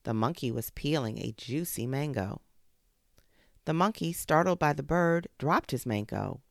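A podcast host reading a children's fable aloud, expressive and with spoken sound effects. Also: mid-range voice, unhurried, vocal fry, no echo, studio quality. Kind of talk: storybook narration for children.

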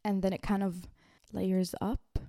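Young woman podcast host, chatty self-help pep talk, relaxed warm tone, dry close mic. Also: mid-range voice, a little slow, no echo. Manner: chatty and expressive, many "like"s, addresses listeners as "guys".

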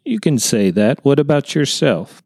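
A man's voice: mid-range voice, big pitch swings, normal speed, darkish tone, slightly rough, no room sound, studio quality, pitched above the performer's own voice. A man voicing a genial Southern neighbor, a retired counselor, with a folksy drawl in a storybook reading.

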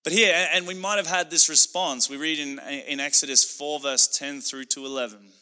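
Male pastor preaching with passion, slightly high, bright, forceful delivery. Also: steady tone, normal speed, clear, resonant tone, big-room sound. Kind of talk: sermon.

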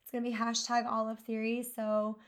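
Woman co-hosting a podcast w her husband, kinda high voice, friendly and upbeat. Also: completely flat delivery, a little fast, clear, resonant tone. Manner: friendly, upbeat, laughs easily. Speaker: podcast co-host. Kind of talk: casual chat.

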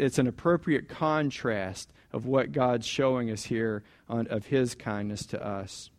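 Conversational preacher man, a bit high. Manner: conversational preaching, asks the congregation questions, repeats key points. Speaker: pastor. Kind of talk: sermon.

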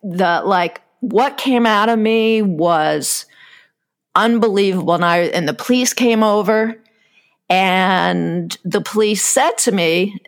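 A woman speaks at a slow, drawn-out pace, telling her own stories in an easygoing chat. She laughs now and then and lets her sentences trail off. Her voice sits at an ordinary middle pitch. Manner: unhurried storytelling, laughs often, trails off. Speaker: guest telling personal stories. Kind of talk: casual chat.

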